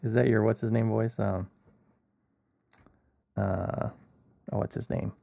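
A man co-hosting a film podcast, talking in a relaxed, rambling way with lots of fillers. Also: on the low side, slow pace, gravelly, dry recording, clean studio sound. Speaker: podcast co-host. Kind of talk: casual podcast chat. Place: Hong Kong.

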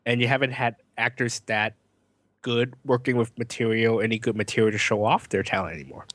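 A man's voice: medium pitch, fairly even intonation, a little fast, fairly bright tone, no room sound. Opinionated man ranting on a podcast. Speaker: podcast co-host and film reviewer. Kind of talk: casual podcast chat.

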